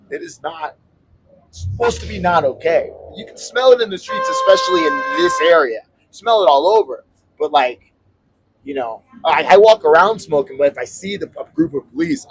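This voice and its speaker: A man casually telling a story on a podcast, animated and acting out the people he quotes, swearing freely, recorded on an outdoor city balcony. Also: on the high side, a little fast, a little hiss or hum. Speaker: podcast co-host.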